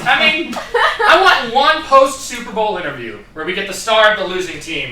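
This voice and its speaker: Male stand-up comic, high and animated, distant stage mic in a roomy hall with audience laughter. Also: moderate pace. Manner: animated, acts out characters in shouted voices. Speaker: stand-up comedian. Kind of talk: stand-up comedy set. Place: theatre stage with live audience. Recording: echoey theatre, distant mic, crowd laughter.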